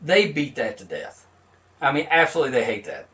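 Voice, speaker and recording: A man's voice: medium pitch, big pitch swings, fairly quick, sharp tone, recorded from a distance. A man hosting a podcast in casual banter, playful and joking, laughing through flubbed takes. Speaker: podcast host.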